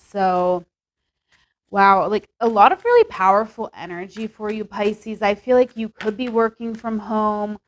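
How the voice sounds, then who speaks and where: A woman's voice: medium pitch, low-quality recording. A young woman with a mid-range voice reads tarot cards in a casual, chatty way. She talks upbeat and loose, peppering her sentences with "like" and "okay". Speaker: tarot reader. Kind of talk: casual tarot reading to camera.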